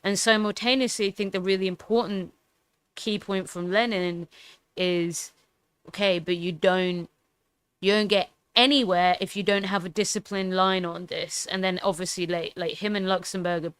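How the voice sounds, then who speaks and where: A woman's voice: fairly low pitch, steady tone, normal speed, a bit bright, clear, resonant tone, dry recording. A woman casually commenting on a historical film, rambling with fillers and the odd swear word. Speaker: political commentary streamer.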